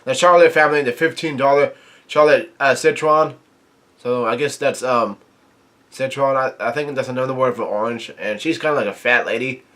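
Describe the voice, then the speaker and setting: Halting man reading a comic aloud. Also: mid-range voice, a bit bright. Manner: halting reading, quotes dialogue without acting it. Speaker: manga reviewer.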